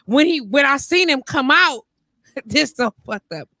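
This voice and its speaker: A woman's voice: high voice, moderate pace, no room sound, low-quality recording. A woman telling a funny story in casual chat, laughing often and acting out the voices of the people in it. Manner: animated, laughs often, acts out quoted voices.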